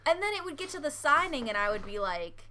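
American woman, bright sharp voice, chatty, says like a lot, laughs a bunch. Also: high voice, quick pace, a little hiss or hum. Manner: animated, laughing, lots of "like". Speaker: friend in conversation. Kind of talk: casual chat.

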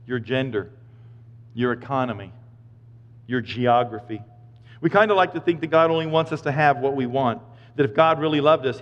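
Man, pastor, sermon, loud-to-quiet swings, long hall reverb, slightly dull sound. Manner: lively, swings from loud emphatic to quiet and low.

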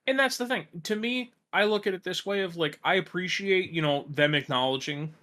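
Bright-voiced chatty man co-hosting. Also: high-pitched, brisk. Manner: chatty, lots of likes and you knows. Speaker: podcast co-host. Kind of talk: casual chat.

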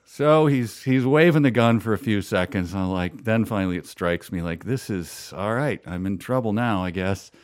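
Low-voiced man telling a rambling story. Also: normal speed, hardly any pauses, dry recording, clean studio sound. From Minnesota. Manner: rambling, self-amused storytelling with frequent laughs. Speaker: storyteller guest. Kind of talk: casual chat.

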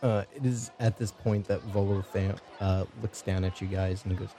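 A man narrates a tabletop game as game master in a low, gravelly voice with a dark, mellow tone. His delivery is relaxed and peppered with fillers. There is faint noise in the background. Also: moderate pace, few pauses.

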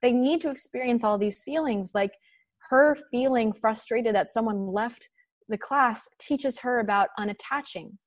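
Earnest woman giving gentle spiritual advice. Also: fairly high pitch, unhurried, dry recording. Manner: earnest, encouraging, spiritual wording. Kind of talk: reflective podcast conversation.

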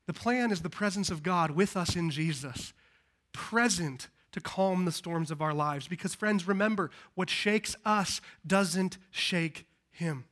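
A man giving a live Christmas sermon as pastor in a church, preaching emphatically, swinging from loud to hushed, into a handheld microphone. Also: high voice, a little slow. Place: church service.

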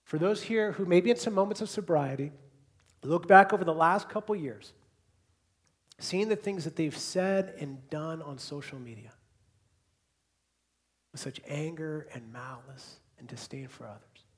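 In a church hall, a male pastor delivers a sermon, his voice a little high and his pace a little slow with frequent pauses. His delivery alternates between soft repeated lines and loud, forceful outbursts.

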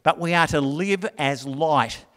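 A man's voice: on the high side, measured pace, fairly bright tone, big-room sound. A middle-aged man preaching a sermon in a conversational, storytelling way. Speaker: pastor.

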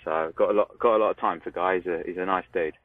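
A man with a London accent, a podcast co-host chatting casually and telling animated stories, acting out what people said. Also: sits low, quick pace, no room sound. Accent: London English. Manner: animated storytelling, acts out quotes. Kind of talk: casual chat. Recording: tinny phone-like line, dry.

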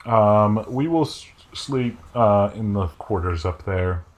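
Low-voiced man as a laid-back game master, lots of fillers. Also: slow. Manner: relaxed, hesitant with many fillers. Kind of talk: narrating a tabletop game.

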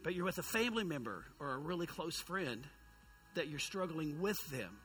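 A man, a youth pastor telling a story in a sermon, lively and humorous, poking fun at himself. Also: fairly high pitch, normal speed, soft background music.

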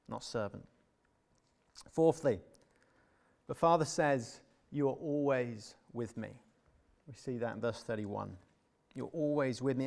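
Earnest man preaching a sermon. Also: fairly high pitch. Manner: earnest, emphatic, drops to soft tender tones.

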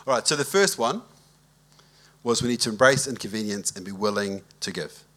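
With a fairly low pitch and a slightly quick delivery, a pastor gives a conversational sermon. He relates a relaxed story and invites a show of hands from the congregation.

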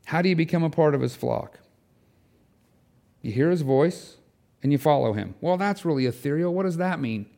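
A man preaching to his congregation, his voice sitting a little above the usual male range. He is earnest and pleading, and his pitch swings wide as he urges his listeners on. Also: lively intonation, normal speed, gravelly, long pauses, warm tone. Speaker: pastor. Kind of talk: sermon. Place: church sanctuary.

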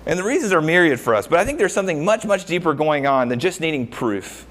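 Male pastor mid-sermon, lively up-and-down delivery, casual asides and rhetorical questions. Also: fairly high pitch, fast talker. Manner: animated, rhetorical questions, frequent uh fillers.

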